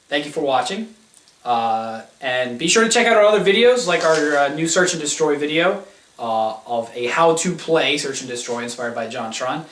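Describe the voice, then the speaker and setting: A young man co-hosting a casual gaming chat, deadpan and blunt, swearing, sometimes breaking into excited rants. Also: a little high, normal speed, recorded from a distance. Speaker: co-host. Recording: echoey room.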